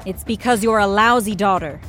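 A woman's voice: mid-range voice, fairly quick, a bit bright, soft background music, pitched below the performer's own voice, close to an everyday voice. A woman voicing a cruel, greedy mother who speaks bluntly and cuttingly. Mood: cold.

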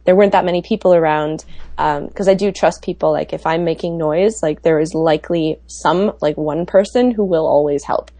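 A woman's voice: sits low, moderate pace, dark tone, dry recording. A woman telling travel stories in a chatty podcast conversation, with lots of fillers. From United States. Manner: chatty storyteller, many fillers. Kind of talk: casual podcast chat.

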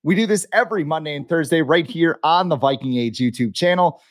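A man's voice: a little high, fairly quick. A man hosting a sports podcast, chatting casually and laughing along with his guest. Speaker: podcast host.

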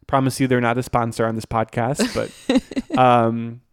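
A man's voice: medium pitch, big pitch swings, a little slow, smooth. A young man co-hosting a podcast, telling a story in a casual, chatty, self-deprecating way with lots of fillers. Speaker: podcast co-host.

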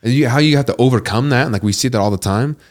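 A man in his thirties hosting a podcast interview, telling stories in a loose, animated way, full of "dude" and "like". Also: mid-range voice, very fast. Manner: animated storytelling, says "dude" and "like" a lot. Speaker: podcast host. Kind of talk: casual conversational interview.

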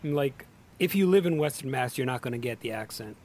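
A man's voice: mid-range voice, expressive, a little fast, darkish tone. A man from Western Massachusetts hosting a casual chat, laid-back and easily amused, asking follow-up questions.

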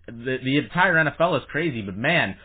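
Over a tinny, phone-line sound, a man hosts a sports podcast in a mid-range, slightly rough voice that is animated and a little fast. He chats casually, uses frequent fillers, and plugs the show.

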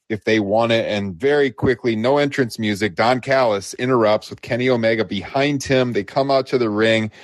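Male podcast co-host, lower register, casual recap, dry close sound. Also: no room sound. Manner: laughs often, quotes wrestlers with lifted pitch. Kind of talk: casual wrestling recap chat.

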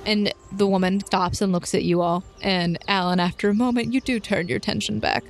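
A woman's voice: mid-range voice, steady tone, a little fast, gravelly, slight background noise. A woman narrating as game master of a tabletop game in a casual, chatty way with many fillers.

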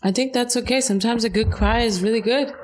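A woman's voice: fairly high pitch, a little hiss or hum. Woman host, casual chat, encouraging and agreeable. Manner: supportive, quick agreeing replies. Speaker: podcast host.

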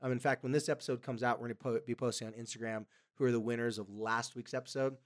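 A man's voice: mid-range voice, quick pace. A man hosting an advice podcast, chatting casually with frequent ums, coughing now and then. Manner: relaxed, with frequent ums and quoted voices. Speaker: podcast host.

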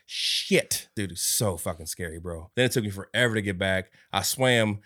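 A man's voice: sits low, brisk, a bit bright. A young man co-hosting a podcast, telling a story full of swearing and frequent laughter. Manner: profane storytelling, laughs often. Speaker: podcast co-host. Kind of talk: casual chat.

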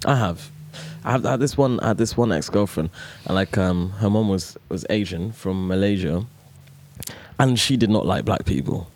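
A young man co-hosting a podcast, telling stories in an animated way and laughing as he talks. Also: low-pitched, moderate pace. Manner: animated storyteller, laughs while talking. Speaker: podcast co-host. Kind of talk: casual chat.

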